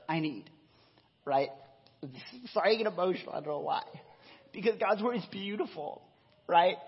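A man's voice: sits high, slightly rough. Earnest man preaching in an echoey hall. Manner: earnest, emotional, with frequent fillers and restarts. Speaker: pastor. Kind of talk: sermon. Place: church hall. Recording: dull echoey hall sound.

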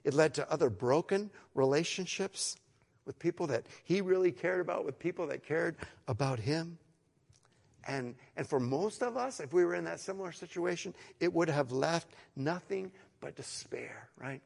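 A middle-aged man preaching a sermon to an online congregation in an earnest way, moving from hushed, slow phrases to emphatic, louder ones and repeating words as he goes. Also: fairly high pitch, lively intonation, creaky, big-room sound. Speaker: pastor.

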